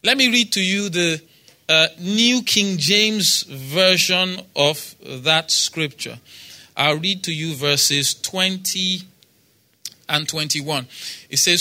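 A man's voice: on the high side, slow, bright, forceful tone. A man preaching a sermon in a church, quoting scripture with emphasis, repeating phrases and asking the congregation for responses.

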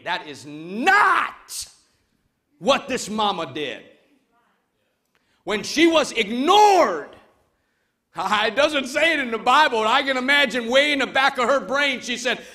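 A male pastor with a high, bright voice preaches slowly in a church before his congregation. He is emphatic, moving from loud calls to hushed urging. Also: big pitch swings. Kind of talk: sermon.

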